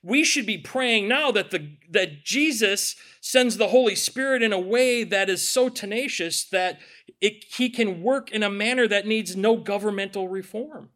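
A man's voice: high-pitched, unhurried, bright, forceful tone. A man preaching a sermon as pastor, conversational and joking, with sarcastic asides.

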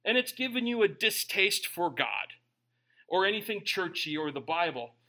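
A middle-aged man preaching a humorous sermon, joking with the congregation and swinging between quiet asides and loud bursts. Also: sits high, normal speed. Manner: animated, joking, bursts of shouting.

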